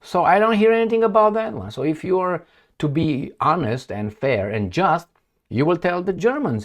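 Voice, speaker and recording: He's a political commentator from Eastern Europe, Romanian by mother tongue, speaking English non-natively in a heated and sarcastic opinionated monologue beside a map. His voice runs on the high side, expressive, at a normal speed.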